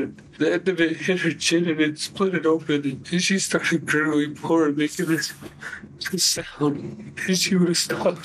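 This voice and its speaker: A young man recounting events in a halting, flat way with many fillers, in a recorded interrogation. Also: fairly high pitch, a little hiss or hum, rough recording. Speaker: suspect giving a confession.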